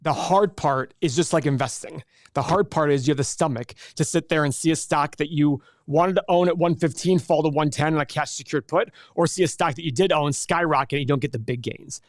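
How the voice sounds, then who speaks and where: Energetic man teaching an investing class. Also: a little fast, no echo, studio quality. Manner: energetic, animated salesman pitch. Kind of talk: live webinar teaching.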